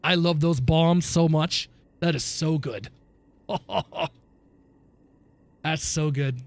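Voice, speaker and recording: High-voiced ranting male game streamer. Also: slow pace. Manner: ranting, swears often, laughs at himself; reads and answers chat while playing. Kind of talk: casual live-stream chat.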